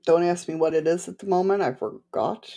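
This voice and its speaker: A woman's voice: fairly low pitch, animated, a little fast, gravelly, warm tone. A woman with a slight lisp, hosting a livestream and chatting casually with her viewers in a rambling, laughing way. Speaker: livestream host.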